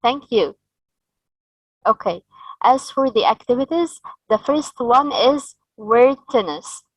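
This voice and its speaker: Slow, careful woman trainer, higher voice. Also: animated, breathy edge, no room sound, muffled recording. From Egypt. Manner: slow, explanatory, models sounds and tones. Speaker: teacher trainer. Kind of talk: training session for teachers.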